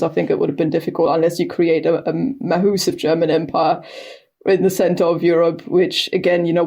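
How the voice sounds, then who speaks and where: A woman's voice: low voice, vocal fry, mellow. A woman historian, a podcast guest, explaining history in a thoughtful, conversational way, often saying "you know". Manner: thoughtful, fluent with frequent "you know" fillers.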